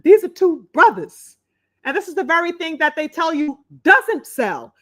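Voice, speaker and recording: A woman with a slightly high voice hosts a casual livestream. She talks straight to her viewers. Her delivery is animated, emphatic and openly profane. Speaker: boxing talk show host.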